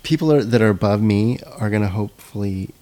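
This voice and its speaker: A man's voice: on the low side, fast talker, dark tone. A man hosting a podcast interview, casual and a little hesitant, with many fillers. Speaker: podcast host.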